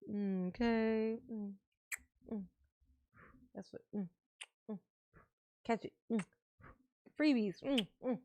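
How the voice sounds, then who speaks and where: A woman's voice: fairly high pitch, slow pace, pauses often, darkish tone, no echo, studio quality. A woman hosting her channel, chatting casually and playfully with her viewers and calling herself Mama. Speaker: channel host. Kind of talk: casual livestream sign-off chat.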